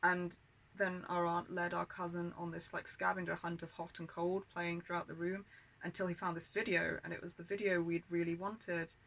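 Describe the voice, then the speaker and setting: A British woman with a bright voice tells personal stories from her childhood. She talks candidly and with a grievance, swearing often and leaning on filler words. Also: on the low side, little pitch movement, moderate pace, rough recording. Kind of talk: personal storytelling monologue.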